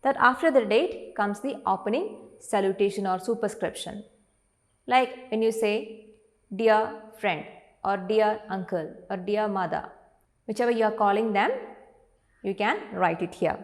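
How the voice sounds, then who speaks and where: A woman teacher with an Indian English accent, giving an online classroom lesson. She stretches words out slowly to show their syllables and asks the class questions, then answers them herself. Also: medium pitch. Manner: slow, drawn-out pronunciation of words when showing their syllables. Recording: long reverberant hall sound.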